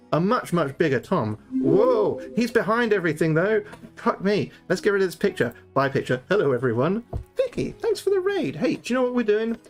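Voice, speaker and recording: Animated man streaming a gamebook. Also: on the high side. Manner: animated, joking, swears freely. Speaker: livestreamer reading a gamebook. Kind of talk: livestream gamebook playthrough. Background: faint background music.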